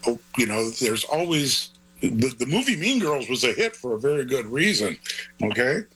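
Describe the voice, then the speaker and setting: A man's voice: mid-range voice, very animated, moderate pace, fairly bright tone, slightly rough, low-quality recording. An older man, a grandfather, talking as an author guest in an interview, rambling and earnest in a digressive way. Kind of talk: conversational interview.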